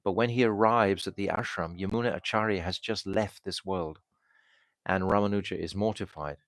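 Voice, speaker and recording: Low male preacher, halting storyteller, close and dry. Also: fairly even intonation, no room sound. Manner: halting, with restarts and fillers. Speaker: swami giving a spiritual talk. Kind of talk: storytelling sermon.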